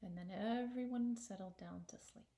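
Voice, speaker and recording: Expressive woman storyteller in an echoey room. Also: mid-range voice, normal speed, creaky. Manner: expressive, dips into whispers for suspense. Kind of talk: oral folktale storytelling.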